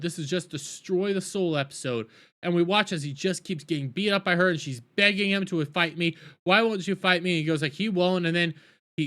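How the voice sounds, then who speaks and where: A man recapping a TV episode in an animated, exasperated rant, often stumbling and restarting his sentences. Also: high-pitched. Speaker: TV show reviewer.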